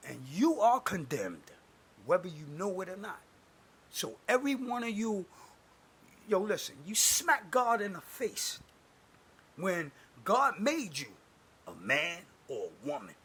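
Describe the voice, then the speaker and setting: A man delivering an angry, preachy religious rant to camera, cursing and swinging between booming declarations and muttered asides. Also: a bit bright, slightly rough. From United States. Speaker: self-styled prophet posting online videos.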